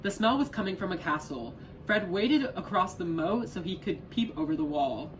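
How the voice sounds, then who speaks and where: A young man reading a children's picture book aloud with careful, even delivery and the odd small stumble. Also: high-pitched, normal speed, a little hiss or hum, rough recording. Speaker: volunteer reader.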